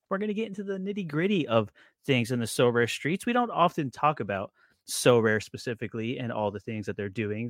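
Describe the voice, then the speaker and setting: A man hosting a casual podcast chat, out of breath, talking in an excitable, joking, rambling way. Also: on the high side, creaky, dry recording, clean studio sound. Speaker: podcast host.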